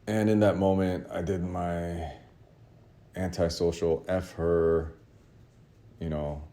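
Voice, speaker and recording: A man casually telling a rambling, self-mocking story, with laughs and shouted re-enactments. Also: sits low, level tone, slow. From Los Angeles area. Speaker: artist telling a story to his audience.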